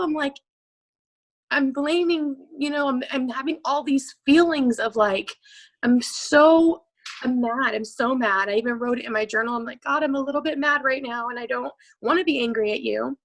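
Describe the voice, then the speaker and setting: Emotional, halting woman in her thirties. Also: high-pitched, poor audio. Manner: raw and emotional, halting, full of restarts. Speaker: coaching client. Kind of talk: emotional live coaching session.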